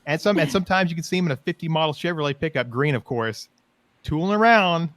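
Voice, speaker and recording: A man's voice: a little high, quick pace, fairly bright tone, no room sound. A man co-hosting a podcast who tells rambling, enthusiastic stories in a casual chat about roleplay. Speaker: podcast co-host.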